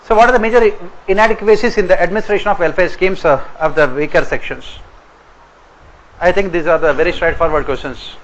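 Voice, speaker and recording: A man's voice: sits high, highs cut off. Indian man dictating points in a class. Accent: Indian English. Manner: repeats each point slowly for note-taking. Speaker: exam coaching teacher.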